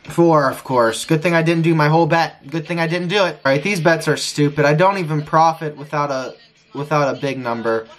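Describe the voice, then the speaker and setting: A man streaming a casino session, frustrated, talking excitedly and repeating his pleas to the wheel. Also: on the high side, a little fast. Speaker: gambling streamer. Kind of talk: live casino session commentary.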